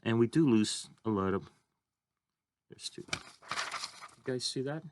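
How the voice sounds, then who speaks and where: A man's voice: mid-range voice, lively intonation, slow, a little hiss or hum. A man teaching a drawing lesson, talking casually and thinking aloud as he draws. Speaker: art teacher.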